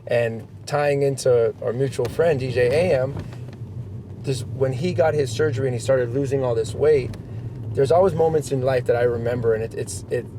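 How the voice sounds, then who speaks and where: A male host in casual conversation, lively and animated as he tells stories. His pitch is mid-range for a man. Faint background hiss comes through. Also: normal speed. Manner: animated storyteller, acts out quotes. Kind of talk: casual chat.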